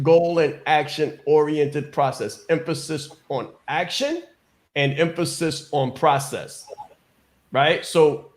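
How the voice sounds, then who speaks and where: A man giving an emphatic motivational business coaching talk on a call, repeating key phrases and often asking "right?". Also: fairly high pitch.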